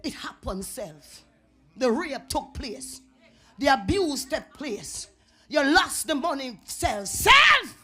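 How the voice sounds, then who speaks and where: A Jamaican woman preaching a revival sermon in a church, dropping to whispers and rising to shouts. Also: high-pitched, lively intonation, takes it slowly. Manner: swings from whispers to shouting, chanted tongues. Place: church sanctuary.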